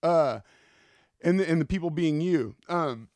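A man's voice: a little high, expressive, unhurried, a little mellow, dry recording. Profane, rambling man hosting a podcast. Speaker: podcast host. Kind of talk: casual solo podcast monologue.

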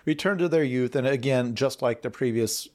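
A man's voice: medium pitch, moderate pace. A man talking casually about movie trailers on a podcast, musing and opinionated, with frequent restarts. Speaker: podcast panelist.

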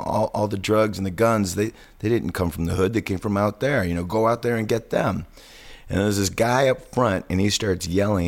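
A middle-aged Midwestern man with a very low, gravelly voice spins stories in casual podcast chat. He acts out the quoted lines with gusto, jumping up in pitch for the shouted parts. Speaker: podcast host.

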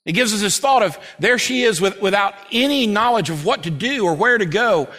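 An earnest male pastor preaching at a church service, his voice sitting a touch higher than most men's. He swings between loud, urgent stretches and slow, hushed readings of scripture. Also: lively intonation. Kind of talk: sermon. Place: church service before a congregation.

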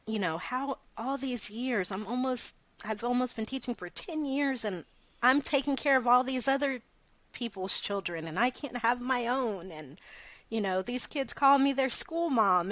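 Soft-spoken hesitant woman in her thirties. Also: on the high side, dry recording. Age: 30s. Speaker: interview guest. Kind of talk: personal story in conversation.

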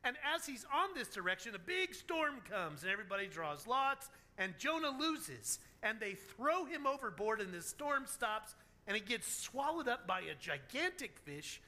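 A man preaching a sermon as a pastor, telling stories in an animated, joking way. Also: very high voice, normal speed.

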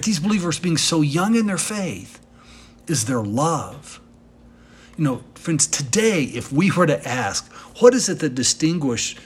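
A man's voice: on the high side, slightly rough. A male pastor delivering an earnest, emphatic sermon, asking the congregation rhetorical questions as he preaches.

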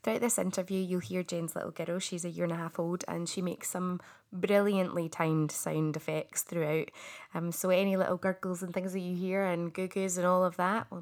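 Brief: female podcast host, relaxed friendly chat, a bit low in pitch. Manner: friendly, chatty, laughs easily. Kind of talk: casual interview chat.

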